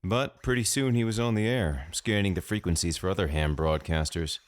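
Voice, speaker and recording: A man's voice: low voice, moderate pace, no room sound. A man narrating a horror story in the first person with a dry, sardonic manner.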